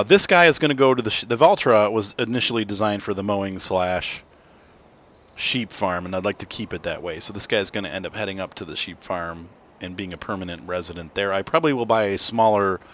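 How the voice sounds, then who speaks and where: A man's voice: lowish voice, brisk, a bit bright, a little hiss or hum. A tired man hosting a casual farming game playthrough, rambling and correcting himself as he talks. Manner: rambling, self-correcting, yawning. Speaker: gaming channel host.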